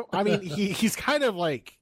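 A man co-hosting a casual tech podcast, animated and joking, swearing freely. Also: high-pitched, slow pace, husky. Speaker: podcast co-host. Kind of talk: casual chat.

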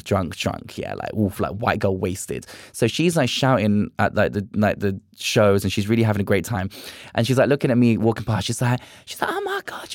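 Recorded at studio quality with no echo, a young Englishman with a fairly low voice appears as a guest on a podcast. A drag performer, he tells stories in relaxed conversation and acts out dialogue with animation.

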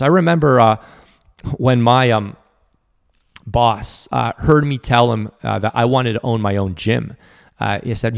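A man in his thirties talks straight to his listeners in a motivational podcast monologue. His mid-pitched voice carries a gravelly, creaky texture. He speaks in an earnest, coaching manner. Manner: earnest, coaching tone, acts out quoted people with lowered voice. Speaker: podcast host.

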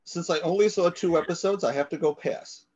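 A man's voice: on the high side, fairly quick, slightly rough, no room sound, highs cut off. A man on a podcast panel, wry and self-deprecating. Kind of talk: casual group chat. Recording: loud noise and clicks.

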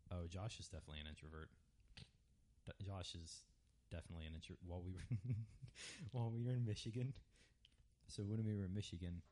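A young man co-hosting a podcast, telling stories in a rambling, animated casual chat full of fillers. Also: on the low side, slightly rough. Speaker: podcast co-host.

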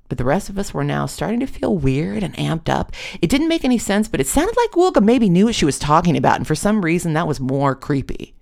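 Wry audiobook narrator, gravelly tone. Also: medium pitch, sing-song, brisk, few pauses, darkish tone. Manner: wry, self-deprecating. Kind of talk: comic memoir audiobook reading.

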